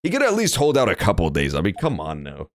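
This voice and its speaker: A man's voice: sits low, huge pitch swings, fast, noisy background. A man streaming a game, joking, rambling and swearing casually as he plays. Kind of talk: casual gameplay commentary.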